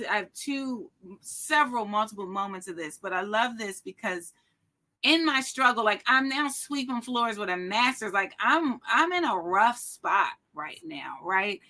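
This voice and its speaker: A middle-aged woman guest telling an inspirational personal story with an animated, emphatic, preacherly delivery. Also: medium pitch. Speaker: podcast guest.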